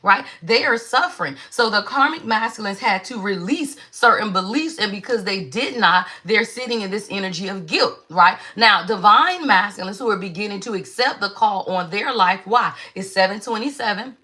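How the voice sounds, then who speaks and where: A woman's voice: mid-range voice, animated, normal speed, few pauses, bright, forceful tone. A woman giving a casual spiritual card reading, chatty and emphatic, often saying "y'all".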